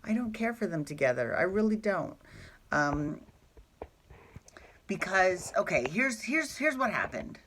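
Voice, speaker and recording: A man talks through a soap opera recap in a loose, casual chat. He gushes, backtracks and throws in quick asides and sheepish apologies. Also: sits high, big pitch swings, a bit bright, slight background noise.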